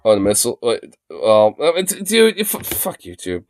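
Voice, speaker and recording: A man's voice: mid-range voice, wildly swooping pitch, moderate pace. A man livestreaming from a phone, reacting in an exasperated, profane rant and laughing often. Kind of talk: live-stream reaction rant.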